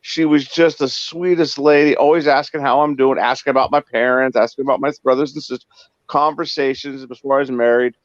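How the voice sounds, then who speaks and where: A man's voice: mid-range voice, brisk, no room sound. A man telling casual stories in a chat, acting out the lines of the people in them. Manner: animated, acts out dialogue in quotes. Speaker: co-host, former cab driver. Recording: dull lo-fi dry sound.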